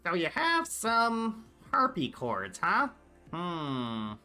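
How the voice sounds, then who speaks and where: A man voicing a small male gnome craftsman with a high, squeaky inspecting tone in a tabletop game. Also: huge pitch swings, drawn-out words, pushed and bright, faint music behind, heavily acted. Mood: curious.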